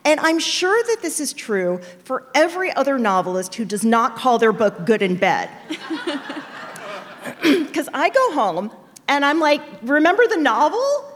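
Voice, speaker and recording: A middle-aged novelist telling stories in a chatty, self-deprecating way, full of fillers, as an interview guest. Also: female voice, fairly high pitch, very animated, unhurried, long reverb tail, a little hiss or hum. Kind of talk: storytelling conversation.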